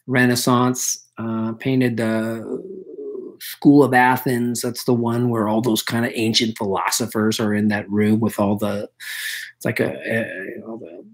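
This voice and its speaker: A man's voice: on the low side, flat delivery, unhurried. A male history teacher running a casual review session, talking loosely with many fillers, and losing his voice. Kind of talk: live online review session.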